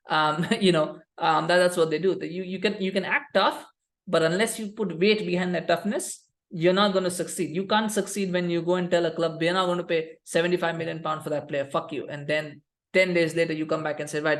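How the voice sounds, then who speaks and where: Host, male, rapid opinionated rant with restarts and repetition. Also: sits high. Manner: fast, heated, repetitive restarts. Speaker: football podcast host.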